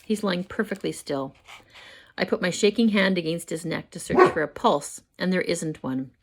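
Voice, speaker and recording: An older woman reading her own first-person story aloud at home, measured and expressive. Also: fairly low pitch, vocal fry, a little hiss or hum. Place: home, with a pet dog nearby.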